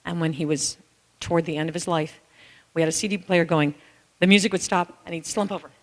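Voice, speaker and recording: In a large hall full of listeners and reverb, a woman author and caregiver tells personal stories during a conference talk. Her fairly low voice moves briskly, and she is animated and candid, slipping into snatches of song.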